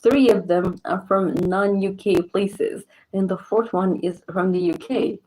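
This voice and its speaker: A woman's voice: mid-range voice, unhurried, mellow, rough recording. A young woman from southern Morocco with a Moroccan accent, chatting casually in a vlog and laughing often. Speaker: vlogger. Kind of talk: casual chat.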